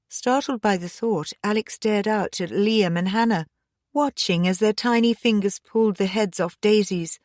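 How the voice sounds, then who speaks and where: A woman narrating a mystery audiobook in a steady, measured manner. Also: mid-range voice, no echo, studio quality. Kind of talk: scripted narration.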